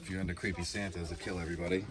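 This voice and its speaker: A man chatting casually in a comic book shop, offhand and deadpan. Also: deep voice, racing, a crowd in the background. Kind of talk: casual chat.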